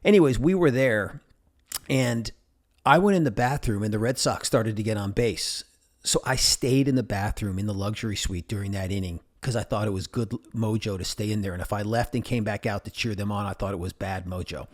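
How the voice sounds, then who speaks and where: Rambling, jokey podcast host, lowish voice. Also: male voice, brisk. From New England. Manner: rambling, jokey, talks to his stuffed animals. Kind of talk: casual solo podcast monologue.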